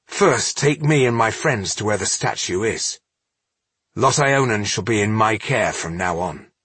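A man's voice: on the low side, lively intonation, a little slow, fairly bright tone, breathy edge, dry recording, heavily acted. A man voicing a stern male dwarf who gives firm orders and cold threats in an audiobook. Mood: threatening.

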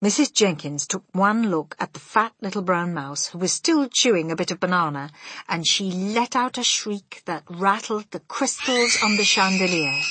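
A woman narrating a storybook aloud, expressive with quiet tag lines. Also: medium pitch, normal speed, husky, no room sound. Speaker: audiobook reader.

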